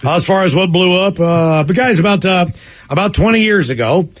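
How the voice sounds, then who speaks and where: A man's voice: sits high, moderate pace. A man hosting a comedy radio show, reading listener emails in a casual, jokey way. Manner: animated, jokey, shouts and sings now and then.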